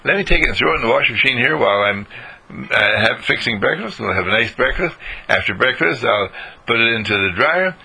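Cheery helpful wife, gravelly older guy doing her, husky voice. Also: medium pitch, animated, brisk, bright, forceful tone, heavily acted, low-quality recording. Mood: cheerful. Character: cheerful, devoted housewife.

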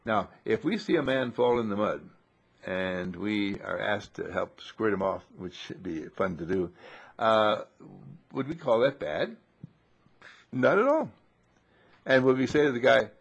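A husky, gravelly-voiced man rambles through an uplifting spiritual talk, his pitch swinging widely as he goes. He laughs easily and slips into little acted scenes. The recording is dull and lo-fi. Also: lively intonation, unhurried, pauses often. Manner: rambling, warm-humored, laughs often, restarts. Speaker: inspirational speaker. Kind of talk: spiritual monologue with acted anecdotes.

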